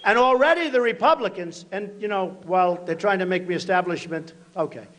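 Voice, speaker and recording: A man in his sixties giving a campaign rally speech at a podium, repeating short punchy phrases and breaking into shouts. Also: sits high, brisk. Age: 60s. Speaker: political candidate at a rally. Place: large rally venue.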